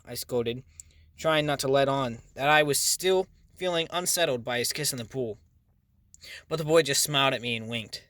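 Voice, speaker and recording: Male audiobook narrator, mid pitch, dead-dry booth sound. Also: normal speed, fairly bright tone, no room sound. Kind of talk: first-person audiobook narration.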